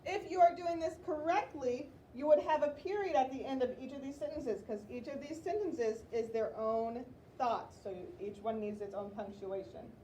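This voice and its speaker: Woman teacher, fairly high voice, slow sounding-out for little kids, roomy distant classroom recording with noise. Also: warm tone. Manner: slow, sounding out words for young children. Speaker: elementary school teacher. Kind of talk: classroom writing lesson.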